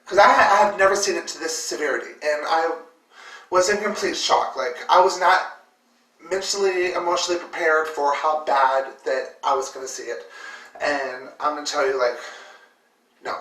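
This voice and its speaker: Woman vlogger, rambling and emotional, bright forceful voice, recorded from a distance in an echoey room. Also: low voice, steady tone, moderate pace. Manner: emotional, full of fillers and repeated words. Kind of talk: personal storytelling. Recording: roomy echo, distant mic.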